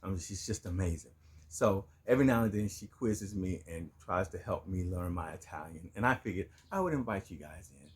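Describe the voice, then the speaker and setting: A man's voice: sits low, animated, fairly quick, breathy edge. A playful middle-aged man who hosts a family channel and laughs as he stumbles through Italian words his daughter quizzes him on. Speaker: vlog host, learner quizzed in Italian. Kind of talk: casual family chat.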